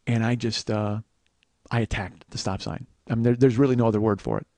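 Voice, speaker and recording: Man, 40s, podcast host, comedic storytelling, profane, sudden shouting bursts, dry close mic. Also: on the low side, fairly even intonation, brisk, dry recording. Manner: profane, erupts into shouting when reenacting arguments.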